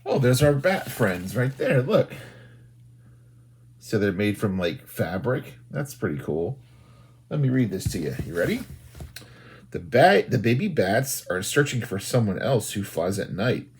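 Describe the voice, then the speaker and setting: Guy librarian reading picture books to little kids, slow and husky, lots of pitch swoops. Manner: animated, sing-song, talks to young children. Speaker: children's librarian. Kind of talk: storytime read-aloud.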